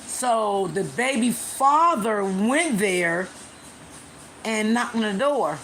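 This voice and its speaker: A woman hosting a casual live stream, retelling a story to her viewers in a chatty way with many pauses and fillers. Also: mid-range voice, expressive, fairly bright tone, slight background noise.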